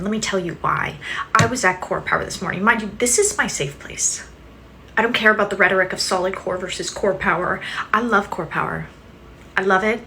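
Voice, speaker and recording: A young woman tells a story with biting sarcasm and mock indignation. Her voice is bright and sharp. A faint hiss sits under the recording. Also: medium pitch, brisk, rough recording. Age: young adult. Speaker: content creator. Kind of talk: casual storytelling to camera.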